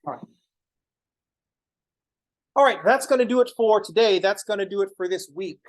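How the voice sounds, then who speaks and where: Man, young adult, math teacher, casual lecture, blunt, swears, jokes, slightly high voice. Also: normal speed, low-quality recording. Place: classroom, also streamed online.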